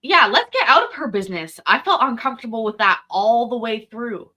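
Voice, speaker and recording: Chatty woman with a bright voice. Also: on the high side, animated, a little fast. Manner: rambling, chatty, swears freely. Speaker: live-stream host reacting to a court show. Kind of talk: casual live commentary.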